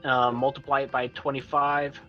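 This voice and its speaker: A man calmly explaining tabletop game rules step by step over a voice call. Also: mid-range voice, moderate pace, lo-fi sound, music in the background. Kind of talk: casual tabletop game chat.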